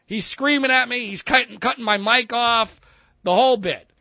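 A man, a radio host, telling a story casually with profanity and animated mimicry. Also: very high voice, moderate pace, no echo.

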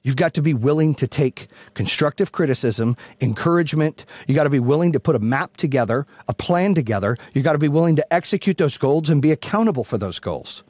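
A man hosting a podcast who gives a loud, blunt, profane motivational speech, yelling to fire up his listeners. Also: a little high, animated, brisk, few pauses, husky, no echo. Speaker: podcast host and business coach.

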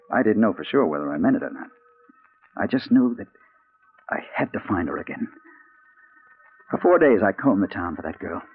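A man playing a hard-boiled male crime reporter in a 1940s radio drama, narrating and talking in an urgent, anxious way. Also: on the low side. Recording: tinny old 1940s radio broadcast.

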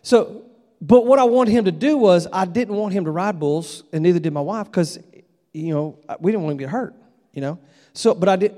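A middle-aged man with a drawl delivers a relaxed, storytelling revival sermon. His voice sits high, and the church sanctuary adds a long, lingering echo. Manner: folksy, conversational, acts out voices in his stories. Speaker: revival preacher.

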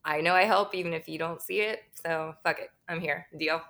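Lowish gravelly woman chatting as a guest, laughs a lot, swears casually. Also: brisk, bright, forceful tone. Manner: candid, laughs often, swears freely. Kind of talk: casual interview chat.

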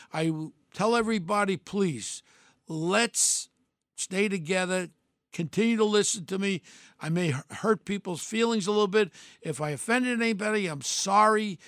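A man's voice: high-pitched, a bit bright, no room sound, clean studio sound. An older man hosting a podcast, talking in a blunt, rambling way with many restarts and fillers. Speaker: podcast host. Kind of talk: casual monologue.

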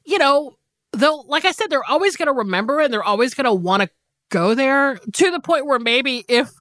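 A woman's voice: high voice, expressive, brisk, a bit bright, dry recording, studio quality. Rambling woman podcast co-host. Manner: rambling, filler-heavy, laughs through stories. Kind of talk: casual chat.

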